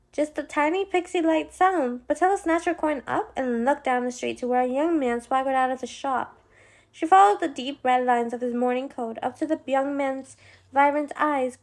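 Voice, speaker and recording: A woman reads a novel aloud with a high voice and a gravelly, fry-tinged edge. Her narration is expressive, with small slips as she reads. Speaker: audiobook narrator. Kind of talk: scripted narration.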